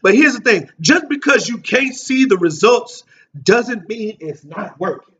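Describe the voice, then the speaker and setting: A male pastor preaching a sermon, shouting emphatic lines and drawing responses from the listeners. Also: high voice, lively intonation, measured pace. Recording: distant mic, dull lo-fi sound.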